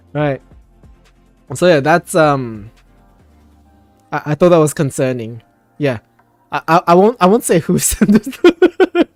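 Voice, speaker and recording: A man's voice: fairly high pitch, sing-song, slow pace, long pauses, darkish tone, no echo, faint music behind. A man hosting a casual voice chat, ranting with plenty of swearing and laughter.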